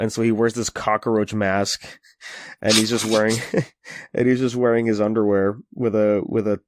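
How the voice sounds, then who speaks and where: A man's voice: fairly low pitch, flat delivery, moderate pace, no room sound. A man co-hosting a podcast, casually retelling anime episodes with lots of fillers and quoted lines. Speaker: podcast co-host. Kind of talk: casual recap chat.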